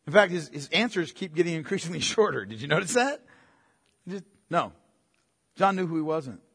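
This preacher has a high, light, husky voice at normal speed, moving through scripture in a relaxed, conversational way before pressing hard on key points. He repeats phrases for emphasis and calls listeners "man," his words ringing with long reverb as in a large hall.

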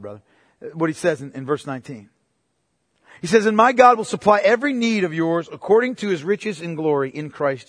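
A man's voice: slightly rough, dry recording, clean studio sound. A man preaching a sermon, emphatic and searching, calling his listeners "beloved" and pressing them with questions. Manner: emphatic, rising to forceful preaching, then dropping low and slow; addresses listeners as "beloved", asks pointed questions. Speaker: pastor.

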